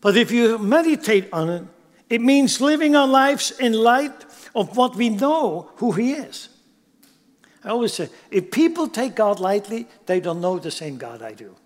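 A man preaching a sermon, swinging from loud emphatic bursts down to near-whispers. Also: high voice, very animated, unhurried, long reverb tail. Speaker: pastor.

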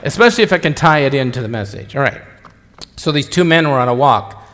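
A fast-talking middle-aged preacher with a mid-range, slightly bright and animated voice cracks jokes during his sermon. His talk wanders conversationally and keeps breaking into itself, all echoing through a church hall.

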